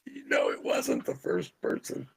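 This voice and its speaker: A middle-aged man co-hosting a podcast, telling a story in casual, animated chat and swearing freely. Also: unhurried, no room sound. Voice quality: gravelly, husky. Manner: animated, profane storyteller who yells quoted lines. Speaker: podcast co-host.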